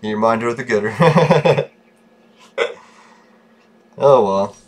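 A man's voice: medium pitch, takes it slowly. A man podcasting alone, venting bitterly in a casual, profane rant. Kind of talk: casual ranting monologue.

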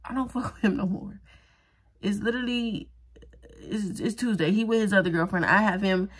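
Speaking at a brisk clip in a slightly rough, medium-pitched voice, this vlogger chats casually through her wig and lash tutorial. She's young, jokes around, teases herself, and addresses the audience directly.

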